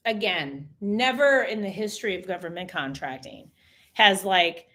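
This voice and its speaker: A woman's voice: medium pitch, moderate pace. A woman talking casually and emphatically on a livestream, addressing her viewers directly as host. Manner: chatty, emphatic, animated.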